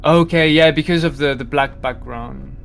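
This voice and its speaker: A man's voice: fairly high pitch, normal speed, creaky. A man from France speaking English, a speedrunner chatting casually on a live stream, hesitant and joking. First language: French. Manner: hesitant, full of fillers and restarts, joking.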